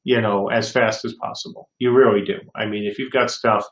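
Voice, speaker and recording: Older male studio head for a livestream Q&A, gravelly voice, reads viewer questions aloud and rambles through anecdotes, recorded in an echoey room. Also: fairly low pitch, steady tone, brisk. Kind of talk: casual livestream Q&A. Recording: roomy echo.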